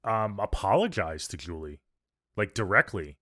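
A man co-hosting a movie review podcast, thinking out loud in a relaxed way and leaning on filler words. His voice is lowish but bright and forceful. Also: moderate pace. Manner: thoughtful, many fillers like "like" and "you know". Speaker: podcast co-host. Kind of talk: casual movie review chat.

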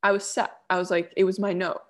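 A young woman co-hosting a casual chat, telling a story with lively acted-out quotes. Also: fairly low pitch, fast talker. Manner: animated, acts out quoted voices. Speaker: podcast co-host.

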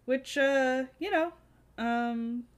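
A woman's voice: high voice, drawn-out words, clear, resonant tone. A young woman co-hosting a casual book chat, wry, acting out the characters' lines. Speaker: podcast co-host.

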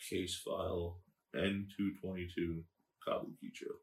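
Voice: low voice, little pitch movement, a little slow. A person in a casual podcast chat, laid-back and swearing often. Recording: distant, echoey room with crowd noise.

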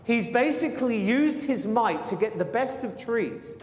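A man's voice: extremely high pitch, expressive, a little slow. A man preaching an expository sermon, explaining verse by verse in an earnest, conversational way with frequent self-corrections. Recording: reverberant hall.

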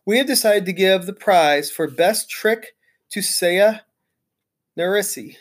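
A firm but kind woman teacher, voiced by a reader, speaks in a steady, measured way. She sounds in control of her classroom, with a plain, mid-pitched voice. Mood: announcing.

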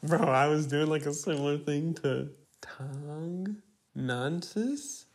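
A man's voice: fairly high pitch, takes it slowly. A young man hosting a casual podcast, joking and laughing with friends, on a noisy recording. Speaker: podcast host. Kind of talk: casual chat.

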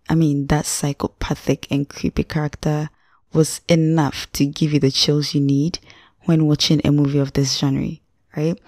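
Young woman podcaster, low mellow voice, dry close sound, chatty and slangy. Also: no echo. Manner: chatty and slangy, addresses listener directly. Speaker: podcast host, film reviewer. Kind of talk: casual spoken movie review.

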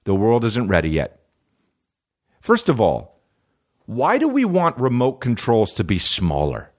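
A young man hosting a comedy podcast, ranting profanely, jumping between loud high bursts and low mumbled asides. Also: huge pitch swings, unhurried. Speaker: podcast host. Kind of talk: solo comedic podcast rant.

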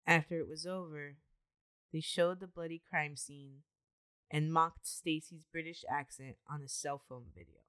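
A woman's voice: low voice, steady tone, measured pace, a bit bright, smooth. A woman co-hosting a podcast, recounting a true-crime case in a matter-of-fact way with casual asides. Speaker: podcast co-host telling the case.

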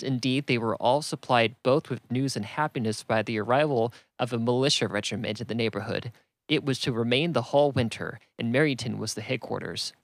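A man narrates a classic novel in a steady mid-range voice. The sound is dry and close, with no room around it. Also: medium pitch, no echo. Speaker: reader.

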